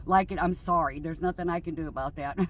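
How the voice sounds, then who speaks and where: A woman's voice: lowish voice, brisk, a little hiss or hum. A middle-aged woman in a casual vlog monologue, grieving and angry, rambling bluntly and swearing freely. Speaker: vlogger.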